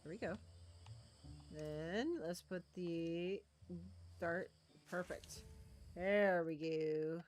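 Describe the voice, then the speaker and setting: A woman streams a video game, chatting casually with viewers, thinking aloud, and making playful little noises as she coos affectionately at game creatures. Her voice is fairly low and darkish, extremely slow with long pauses, with faint music behind her.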